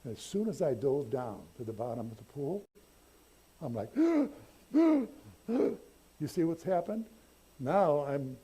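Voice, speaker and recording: Older man, pastor, chatty sermon storyteller with a breathy, mellow voice. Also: mid-range voice. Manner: conversational, self-deprecating, halting restarts. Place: church sanctuary.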